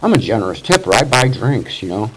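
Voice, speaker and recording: At a recovery meeting, a Missouri man in his sixties recounts his life in a rambling, cursing, casual storytelling style full of "you know." His mid-range voice is very animated and fairly quick, and loud background noise fills the recording.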